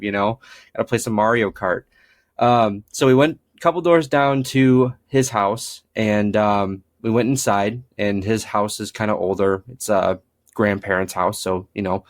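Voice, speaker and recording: A young man, a paranormal investigator, telling stories in a casual interview, with lots of fillers and acted-out quoted lines. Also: on the low side. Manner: rambling, frequent fillers, acts out quoted dialogue.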